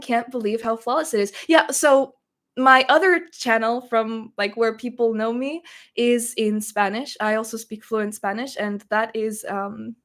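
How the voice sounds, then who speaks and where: Woman from Russia, livestream host, casual chat, fairly high pitch, slightly nervous, reading comments aloud. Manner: chatty, reads viewer comments aloud and answers them; a little nervous. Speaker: streamer hosting a Q&A.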